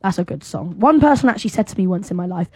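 A young woman co-hosting a live radio show, chatting enthusiastically and dropping into softer asides. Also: on the low side, very animated, racing, slightly rough, no echo. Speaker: radio co-host. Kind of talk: casual radio chat.

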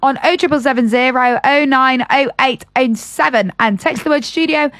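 High-voiced young woman radio co-host. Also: normal speed, a bit bright, no room sound. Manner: rambling, lots of "like" and "I feel like". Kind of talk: casual radio chat.

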